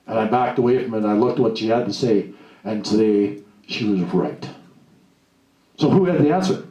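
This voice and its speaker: A man's voice: mid-range voice, big pitch swings, moderate pace, pauses often, a little mellow, recorded from a distance. Man lecturing in an echoey hall. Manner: emphatic, acts out quoted voices. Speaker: seminar speaker. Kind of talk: motivational seminar talk. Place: seminar room before a live audience. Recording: echoey room, voice off-mic, faint hiss.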